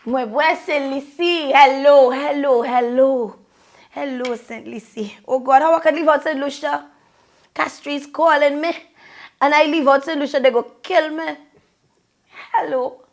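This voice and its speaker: A young Trinidadian woman giving effusive, sing-song shout-outs to her viewers in a casual vlog. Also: high-pitched, unhurried. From Trinidad and Tobago. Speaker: vlogger.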